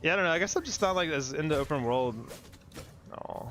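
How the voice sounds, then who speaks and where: A man's voice: fairly high pitch, animated, a little fast, fairly bright tone, faint music behind. A young man streaming a game, chatting casually and rambling with lots of fillers, laughs and casual swearing. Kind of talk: casual gameplay commentary.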